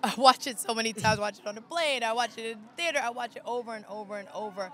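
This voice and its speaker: Woman host, red carpet interviewer, tense bright tone, hype slang, effusive. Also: on the high side, fast talker.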